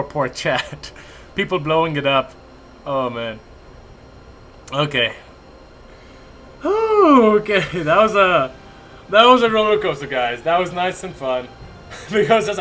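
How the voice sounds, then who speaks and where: Young male caster, bright and punchy, excitable, laughs often, home setup with faint hiss. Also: on the high side, normal speed. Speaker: esports caster. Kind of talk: live game commentary with chat banter. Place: home attic.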